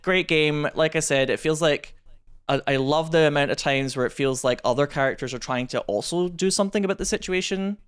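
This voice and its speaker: Animated Scottish man, smooth voice. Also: a little high, brisk. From Scotland. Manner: animated, storytelling with quoted asides. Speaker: podcast co-host. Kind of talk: casual chat.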